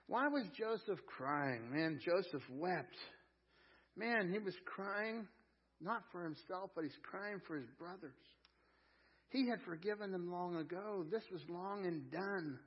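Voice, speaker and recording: A man preaches in a fairly high, husky voice, rising to loud emphasis and falling back to near quiet. He leans on key phrases and calls on the congregation to repeat lines after him. The church recording sounds dull and muffled. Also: lively intonation, a little slow. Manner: preaching with wide swings in loudness, drawing out key phrases. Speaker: pastor. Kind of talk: sermon. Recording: dull lo-fi sermon audio.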